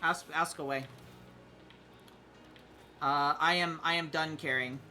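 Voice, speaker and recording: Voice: mid-range voice, fairly even intonation, slow pace, pushed and bright, soft background music. A streamer chatting casually while playing a game, hesitant with many fillers and restarts, sometimes humming tunes. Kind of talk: casual gaming stream chat.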